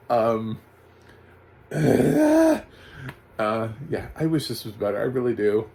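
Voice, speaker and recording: A man's voice: mid-range voice, wildly swooping pitch, slow pace, gravelly, darkish tone, low-quality recording. A man giving a casual, rambling TV recap with sarcastic asides and frequent laughs. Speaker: TV recap reviewer. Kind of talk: casual spoken review.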